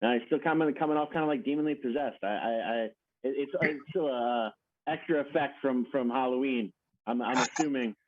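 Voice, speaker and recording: Over tinny, phone-like call audio, a man hosts a casual video-call chat at a slightly fast clip and a medium pitch. He's friendly and rambling, and he laughs easily.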